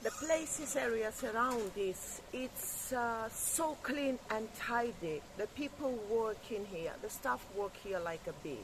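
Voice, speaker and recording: A woman co-hosting a vlog in casual chat, speaking as a with halting phrasing. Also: fairly high pitch, background noise. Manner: halting, non-native phrasing. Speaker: vlog co-host. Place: outdoors at a hotel.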